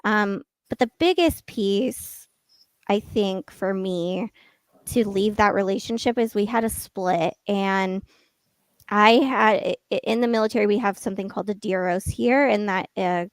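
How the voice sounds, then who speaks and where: A woman's voice: mid-range voice, dry recording. A woman guest on a podcast, candidly telling a personal story and acting out what was said. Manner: candid, storytelling, quotes people in dialogue.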